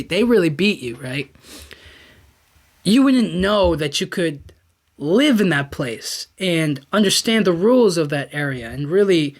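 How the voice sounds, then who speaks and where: A man hosting a podcast, talking casually and animatedly in a rambling way, addressing the listener directly. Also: sits high. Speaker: podcast host. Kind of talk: casual commentary.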